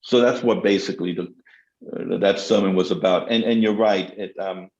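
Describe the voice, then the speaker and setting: A man's voice: low-pitched, steady tone, normal speed, a little mellow, echoey room, dull audio. A middle-aged man, a theologian answering questions in a panel talk, speaking with passion and emphasis.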